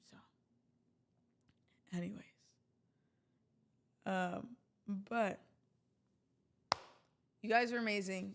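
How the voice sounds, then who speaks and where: A woman's voice: mid-range voice, fairly bright tone. A woman hosting a livestream, talking casually to her viewers in a chatty, rambling way with jokey asides. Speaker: livestream host.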